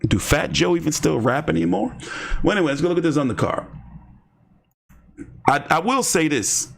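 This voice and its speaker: Rambling casual man with higher voice. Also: expressive, normal speed, vocal fry. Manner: rambling, joking, slangy, lots of fillers and restarts. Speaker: host. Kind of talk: casual boxing commentary.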